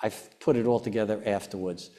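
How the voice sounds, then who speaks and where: A man's voice: lowish voice, steady tone, mellow. Earnest man telling a personal story. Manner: earnest, halting, with many restarts and fillers. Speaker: foundation chairman, interview guest. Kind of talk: personal storytelling in an onstage interview.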